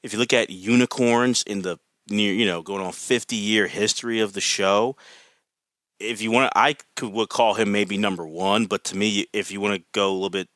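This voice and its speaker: Enthusiastic rambling man, bright dry voice. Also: on the low side, fairly even intonation, normal speed, dry recording. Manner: enthusiastic, rambling with many fillers. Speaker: podcast guest. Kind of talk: casual podcast chat.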